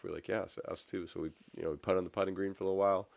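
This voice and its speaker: Low-voiced man telling golf stories. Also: rapid-fire, vocal fry, few pauses, no echo. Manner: rambling storytelling, animated when excited. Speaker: podcast co-host. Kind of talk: casual chat.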